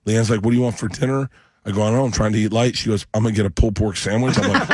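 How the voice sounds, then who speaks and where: A middle-aged comedian, a guest in a radio studio, tells a rambling story fast, in a husky, sing-song voice of medium pitch. He acts out the voices of the people in it.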